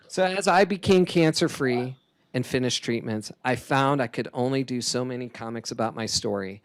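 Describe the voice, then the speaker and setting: A man giving a keynote talk as a comic artist, lively and chatty, laughing often. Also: medium pitch, normal speed, slight background noise. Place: conference hall stage.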